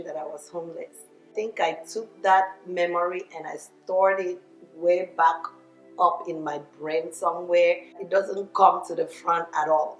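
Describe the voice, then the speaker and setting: A middle-aged Nigerian woman telling her own immigrant story in an earnest, reflective way. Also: lowish voice. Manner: earnest, reflective, with small laughs and self-corrections. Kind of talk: personal testimony monologue. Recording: echoey room with faint music.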